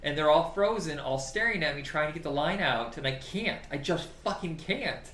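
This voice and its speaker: A man co-hosting a podcast, chatting casually about films, animated and freely swearing, laughing often. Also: on the high side, normal speed. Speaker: podcast co-host. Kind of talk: casual film chat. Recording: roomy with faint background noise.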